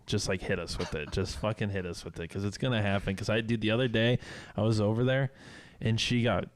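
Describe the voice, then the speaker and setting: A young man co-hosting a casual podcast, telling animated stories and jumping into shrill voices when he imitates people. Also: fairly quick. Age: young adult. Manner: animated storyteller, shrieks when imitating others. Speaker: podcast co-host. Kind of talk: casual chat.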